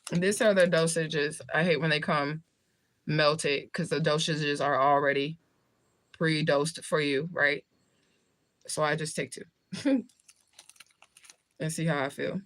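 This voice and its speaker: A woman's voice: sits low, fairly even intonation, slow pace, pauses often, a bit bright. A woman from the southern United States, talking casually to viewers on a livestream, with a rambling, loose delivery. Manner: rambling, talks while eating. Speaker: livestream host. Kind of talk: casual live chat with viewers.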